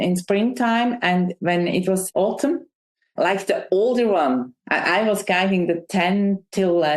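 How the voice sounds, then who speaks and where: A woman's voice: on the low side, a little mellow. A woman guest in an interview, talking reflectively and often restarting, with non-native phrasing. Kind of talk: conversational interview. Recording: roomy echo.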